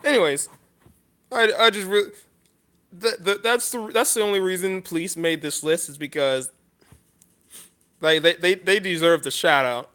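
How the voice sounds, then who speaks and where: A man talking off the cuff in a list vlog, halting and earnest, pausing often and restarting his sentences with frequent apologies. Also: high voice, bright, forceful tone. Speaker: vlogger.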